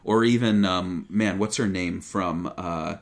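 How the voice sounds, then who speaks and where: A man hosting a casual podcast conversation, easygoing and playful, fond of imitating voices. His voice is low. The talk loosely wanders. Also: a little slow. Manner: relaxed, jokey, tries out voices. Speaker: podcast host.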